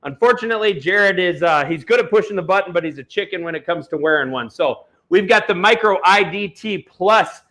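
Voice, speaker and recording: A man's voice: high-pitched, expressive, fairly quick, few pauses, a bit bright. A man hosting an online auction stream, talking in a blunt, heated, salesy way. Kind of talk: live-stream product pitch with ranting.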